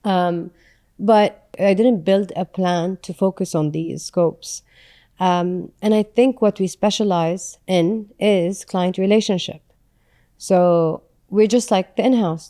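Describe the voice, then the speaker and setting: A woman's voice: medium pitch, warm tone. A woman in her thirties, a podcast guest and business founder, talking candidly and reflectively with frequent "um"s. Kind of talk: casual conversational interview.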